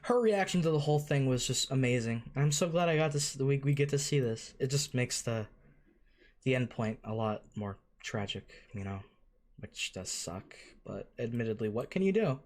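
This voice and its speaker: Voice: medium pitch, expressive, normal speed, a little mellow. An anime reaction host in casual commentary, gushing and emotional and swearing freely.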